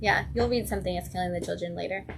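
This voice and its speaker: A woman's voice: fairly low pitch, fairly even intonation, rapid-fire, gravelly, background noise. A woman co-hosting a comic shop livestream, chatting and reviewing comics, enthusiastic and laughing often. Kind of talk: casual chat, comic reviews.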